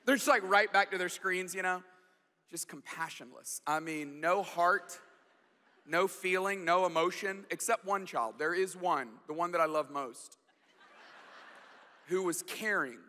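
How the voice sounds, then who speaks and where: High bright-voiced man preaching. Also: unhurried. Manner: animated, self-deprecating storytelling with restarts. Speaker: guest pastor. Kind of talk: storytelling sermon. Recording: long hall reverb.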